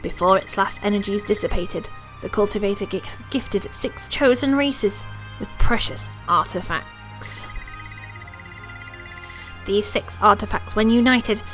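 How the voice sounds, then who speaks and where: A woman's voice: mid-range voice, unhurried, a bit bright, soft background music, close to an everyday voice. A woman voicing an elderly retired protector, reading game dialogue with grave storytelling and calling the listener dear. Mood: solemn.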